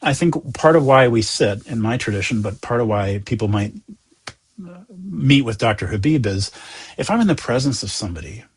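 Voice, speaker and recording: A man from the United States, a Zen teacher talking as a guest in a gentle, earnest, reflective way. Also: mid-range voice, moderate pace, husky. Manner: earnest, gentle, animated, often voicing inner thoughts. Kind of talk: reflective conversation.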